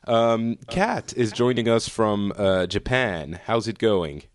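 A man's voice: on the low side, expressive, takes it slowly, no echo. Chatty man hosting. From France. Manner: chatty, many fillers and restarts, self-mocking. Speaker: podcast host. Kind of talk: casual chat.

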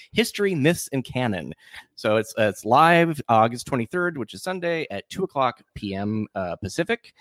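A man's voice: mid-range voice, fairly bright tone, dry recording. A man from Washington State hosting a podcast in casual chat, rambling with lots of fillers and restarts. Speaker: podcast host.

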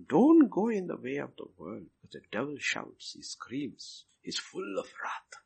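A man preaching a sermon as a pastor, swinging from loud emphasis down to near whispers and repeating his phrases. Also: mid-range voice, vocal fry, husky.

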